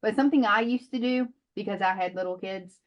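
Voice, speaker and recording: A woman's voice: medium pitch, a little fast. Chatty mom-type lady on a video call, muffled lo-fi sound, lots of ums and likes. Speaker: direct sales consultant. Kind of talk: casual chat.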